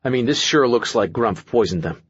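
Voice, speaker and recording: A man's voice: medium pitch, lively intonation, normal speed, slightly rough, dry recording, muffled recording. A man voicing an anxious young man in an audiobook, nervous and rambling as he talks.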